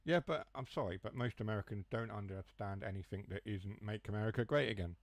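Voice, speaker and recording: This young man's fairly low, creaky voice comes quickly as he streams a train game and rambles through joking asides. He has a Huthwaite, Nottinghamshire accent from around Mansfield, England, and drops his H's and T's in casual gaming chat. There's no echo on the recording.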